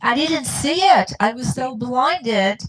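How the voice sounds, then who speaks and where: A woman's voice: sits high, lively intonation, takes it slowly, breathy edge, poor audio. A mother, a guest on the show, tells her family's story in an earnest, heartfelt way and acts out what people said. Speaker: guest, mother of a dyslexic child. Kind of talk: emotional personal storytelling.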